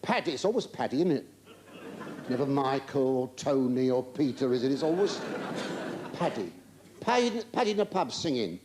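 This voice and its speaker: A man's voice: medium pitch, animated, moderate pace. Flustered, teasing stand-up man. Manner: stammering, flustered asides and mock-indignant denials; chatty, teasing the audience. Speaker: stand-up comedian. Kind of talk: live stand-up routine. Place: large theatre stage before a live audience. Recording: live theatre recording with audience laughter and hiss.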